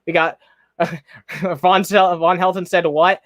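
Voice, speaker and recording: A man's voice: high-pitched, level tone, slow, fairly bright tone, no room sound. Profane ranting man, close dry mic. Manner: ranting, profane, heated, with restarts. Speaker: streamer host. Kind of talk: angry reaction livestream commentary.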